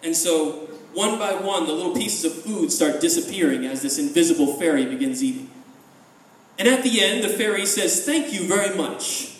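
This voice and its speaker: Male folk tale teller, lively and chatty, high voice, off-mic in a reverberant room. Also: moderate pace. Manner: lively, conversational asides. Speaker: storyteller. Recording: echoey room, voice from a distance.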